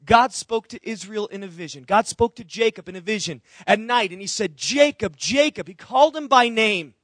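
High-voiced man preaching with emphasis. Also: fairly quick, fairly bright tone, no echo, studio quality. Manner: earnest, emphatic preaching with repeated phrases; asks the audience questions directly. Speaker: pastor. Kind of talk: sermon.

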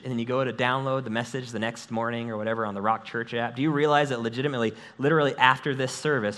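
A man of middle pitch preaching to his church, energetic and conversational. He jokes with the congregation and thanks his volunteers as he moves through the sermon. His voice comes through a stage microphone in a church sanctuary. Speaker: pastor.

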